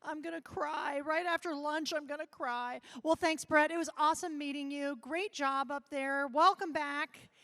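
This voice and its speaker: A woman's voice: high-pitched, steady tone, normal speed, few pauses, pushed and bright. A woman hosting a live event desk, interviewing a contestant in an upbeat, chatty way.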